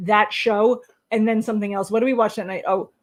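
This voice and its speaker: A woman's voice: medium pitch, steady tone, fairly quick. A woman co-hosting a casual live stream, ranting bluntly and swearing freely. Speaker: co-host.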